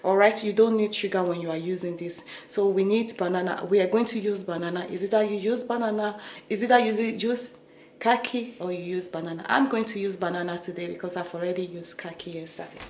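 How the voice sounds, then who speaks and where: A woman's voice: mid-range voice, fairly even intonation, brisk, darkish tone. A woman with a Nigerian accent, chatting casually to her vlog audience and often checking in with "okay?" and "guys". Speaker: beauty vlogger. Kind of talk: casual talk to camera. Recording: echoey room with faint noise.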